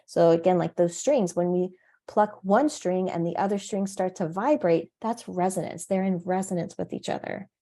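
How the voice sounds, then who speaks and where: A woman parent coach teaches on her solo podcast, explaining ideas reflectively at a moderate pace in a dark tone. She laughs at her own examples and acts out short dialogues in a higher voice.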